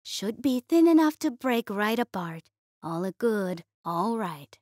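Woman voicing a timid little mole creature, gentle, careful, eager, storybook tone. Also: medium pitch, very animated, unhurried, no echo, studio quality.

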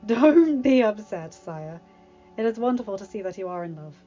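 Woman doing a teasing guard captain, wry, fatherly, mellow tone, dull lo-fi audio, faint music. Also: mid-range voice, fairly even intonation, moderate pace, close to an everyday voice. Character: adult man, a teasing, fatherly palace captain.

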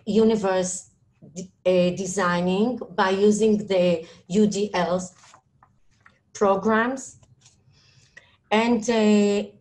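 Israeli woman, non-native English, slow halting webinar talk, video-call audio, many fillers. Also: mid-range voice, a little mellow. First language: Hebrew. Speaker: school administrator speaking on a panel. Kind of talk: webinar presentation.

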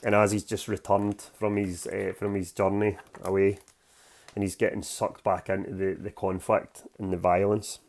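A man's voice: sits low, little pitch movement, normal speed, darkish tone. A young Scottish man, the author, reading from his novel in a gritty, plain-spoken way full of slang.

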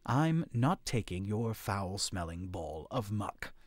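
A man voicing a proud, blunt young male creature lord who speaks flatly. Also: fairly low pitch, fairly quick, slightly rough, no room sound. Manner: flat, blunt.

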